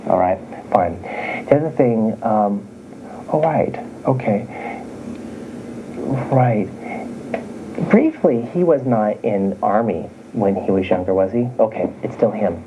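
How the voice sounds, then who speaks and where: Male medium, low voice, conversational reading to sitters that keeps restating points, dull lo-fi recording with faint hiss. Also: slow pace, long pauses. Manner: chatty, circling back and restating points. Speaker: psychic medium.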